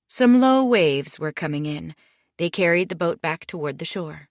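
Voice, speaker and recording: Low-voiced woman narrating an audiobook. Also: animated, normal speed, no room sound, studio quality. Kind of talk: scripted narration.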